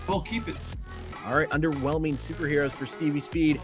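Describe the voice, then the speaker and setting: A man's voice: on the high side, expressive, fairly quick, faint music behind. A man hosting a live art battle stream with jokey, announcer-style commentary, stretching words for effect.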